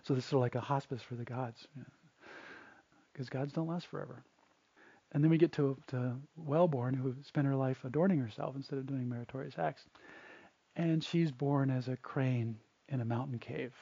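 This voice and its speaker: A man's voice: mid-range voice, normal speed, creaky, warm tone, slightly rough, no room sound. A man, a Buddhist monk, retelling a story in a casual, chatty way with fillers, on a dull, dry lo-fi recording. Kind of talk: storytelling dharma talk.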